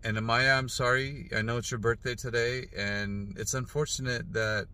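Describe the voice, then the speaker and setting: A middle-aged father speaking earnestly in a heartfelt personal video message, halting and emotional at times. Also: medium pitch, fairly even intonation, sharp tone. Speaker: father posting an apology video.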